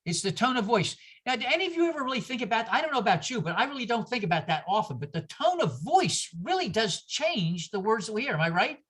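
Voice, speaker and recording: A man with a bright, forceful tone gives an informal teaching talk to a congregation. He is animated, jumping in pitch for emphasis, and keeps breaking off into asides while asking the room rhetorical questions. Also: fast talker, few pauses, slightly rough. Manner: animated, jumps in pitch for emphasis, frequent asides and self-interruptions; asks the audience rhetorical questions.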